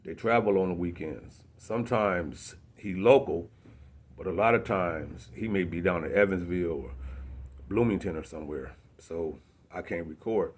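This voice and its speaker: A man's voice: deep voice, moderate pace. A young man, a rapper, telling a casual story in street slang, often asking "you know what I'm saying". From South Bend, Indiana.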